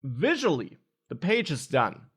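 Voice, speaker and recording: Lively male coding instructor. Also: a little high, unhurried, breathy edge. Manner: explanatory, lively intonation with stressed words. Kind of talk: screen-recorded coding tutorial.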